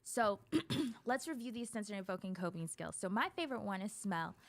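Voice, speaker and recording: A woman therapist talking on a show, chatty and animated, often laughing as she explains things. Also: mid-range voice, fairly quick. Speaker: therapist guest. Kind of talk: casual talk show conversation.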